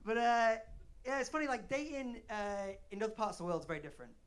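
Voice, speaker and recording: A man's voice: sits high, smooth. A man in his late thirties with a Leeds accent, doing a flamboyant, self-mocking stand-up set on a comedy club stage. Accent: Northern English, Leeds. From Leeds, north of England. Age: 30s.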